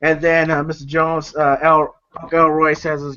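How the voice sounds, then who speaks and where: A man's voice: fairly high pitch, little pitch movement, normal speed, bright, forceful tone, smooth. Man, movie review vlog, loose rambling recap, fillers, muffled recording. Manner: rambling, full of fillers and laughter. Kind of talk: casual retelling of film scenes. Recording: slightly dull lo-fi audio.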